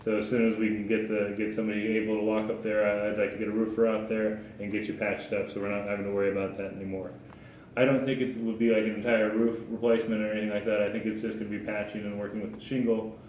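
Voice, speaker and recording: A man's voice: lowish voice, level tone, quick pace, a little mellow, a little hiss or hum. A man working as a home inspector, explaining his findings to a client in a plain, practical way with frequent restarts. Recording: echoey room.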